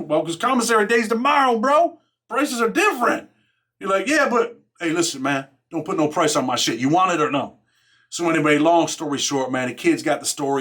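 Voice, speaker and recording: A man's voice: fairly high pitch, fairly bright tone. A middle-aged man telling a jailhouse story in street slang, filling his talk with "man" and "right?". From Rochester, New York. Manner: streetwise slang, constant "man" and "right?", acts out others' lines. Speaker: podcast host telling prison stories. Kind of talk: casual storytelling monologue.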